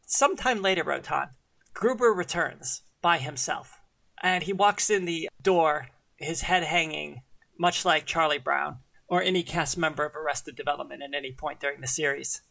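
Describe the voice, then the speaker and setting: A man running a tabletop game and narrating scenes in a relaxed, descriptive way. His voice is high and bright with a gravelly texture. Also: moderate pace. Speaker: game master.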